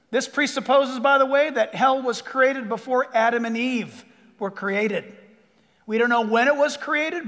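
A pastor preaches a sermon to his congregation in a rather high voice, animated as he acts out little voices before dropping to a hush for emphasis. Everything rings with the long reverb of a big sanctuary.

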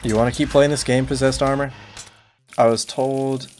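A young man streaming a video game, tossing off deadpan absurd jokes and mock complaints in casual commentary. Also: mid-range voice, moderate pace, a little hiss or hum.

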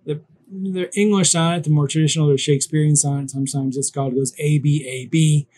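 A man's voice: fairly high pitch, fairly even intonation, fairly quick, darkish tone, a little hiss or hum. A man teaching a recorded online class, talking casually and thinking aloud as he works through an example step by step.

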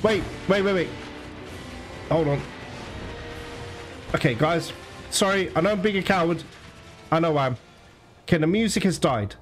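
Excitable man over game music. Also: fairly high pitch, moderate pace, long pauses. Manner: excitable, swearing and laughing at the game. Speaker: gaming channel host. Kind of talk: let's play commentary.

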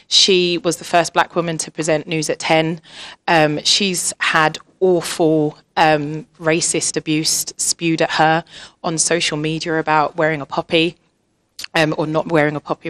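A woman's voice: low-pitched, fairly bright tone. A woman in her thirties speaking on a panel, chatty and candid, laughing often and acting out family conversations. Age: 30s.

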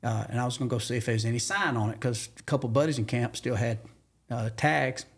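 Husky Southern man telling a story. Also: fast talker. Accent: Southern US (Georgia). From Georgia, USA. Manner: excited, acts out quotes with jumps in pitch. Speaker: podcast guest, hunter. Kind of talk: animated storytelling in casual conversation.

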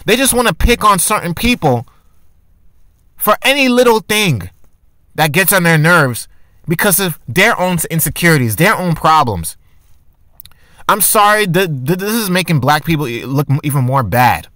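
A man sits talking straight to his audience in a casual commentary vlog, pressing his argument with rhetorical questions and often breaking off to restart a sentence. His voice sits high and sounds bright and forceful. The recording is dry and close, with no room sound around him. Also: sing-song, moderate pace, dry recording. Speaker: commentary vlogger.

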